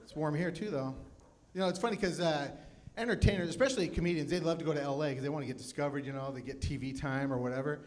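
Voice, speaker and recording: A man's voice: on the high side, quick pace, hardly any pauses, a little mellow. A man in his fifties doing a live stand-up comedy set, self-deprecating and chatting with the crowd. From Phoenix, USA. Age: 50s. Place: live comedy club with audience.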